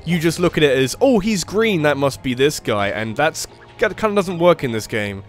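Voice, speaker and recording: A man with a sore throat rambling through let's play commentary, often correcting himself and breaking into excited outbursts. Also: a little high, normal speed, faint music behind. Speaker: gaming channel host.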